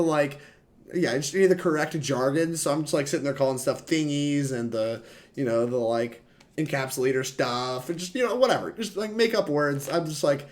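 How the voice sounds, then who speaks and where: A man's voice: a little high, a little mellow. Chatty young man streaming a card game. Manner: rambling, chatty, quick to laugh. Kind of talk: casual gameplay commentary to chat.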